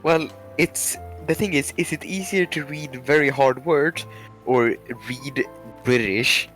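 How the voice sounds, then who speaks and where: A man's voice: mid-range voice, slow, fairly bright tone, soft background music. Blunt, swearing man with a Swedish accent. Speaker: co-streamer. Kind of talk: casual live-stream chat.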